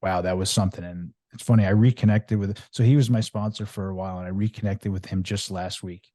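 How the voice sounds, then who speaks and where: A middle-aged man from Long Island speaks, his voice very low and dark. He tells his story in a rambling, lively way, full of fillers and restarts. The recording is dry and close. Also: quick pace, dry recording. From Long Island, New York. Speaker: podcast guest. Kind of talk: candid storytelling interview.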